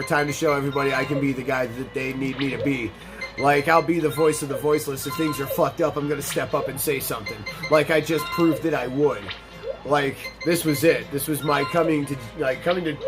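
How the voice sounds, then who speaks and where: Young male gaming host, slightly higher voice, profane storyteller, loud game music underneath. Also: brisk. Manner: blunt, profane, animated retelling with quoted dialogue. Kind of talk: casual storytelling over gameplay.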